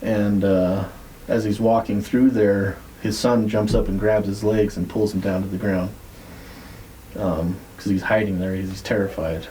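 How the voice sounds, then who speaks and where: Low mellow guy rambling through a story on a podcast, lots of like and uh, swears a bunch. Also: fairly even intonation, unhurried, slight background noise, rough recording. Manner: rambling, profane, many fillers. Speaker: podcast co-host. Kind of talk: casual storytelling.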